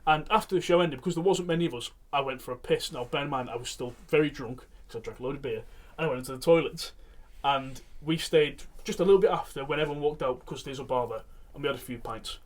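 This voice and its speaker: A man's voice: mid-range voice, fast. A man, co-hosting a comedy podcast and telling a long, rambling anecdote. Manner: rambling, animated anecdote with acted quotes. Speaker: podcast co-host. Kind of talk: casual storytelling.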